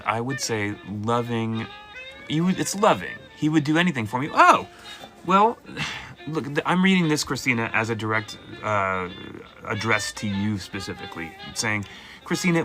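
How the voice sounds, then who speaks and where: A man hosting a live call-in tarot reading, talking casually and playfully to viewers. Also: lowish voice. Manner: animated, playful, jumps into mock voices. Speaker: tarot reader host.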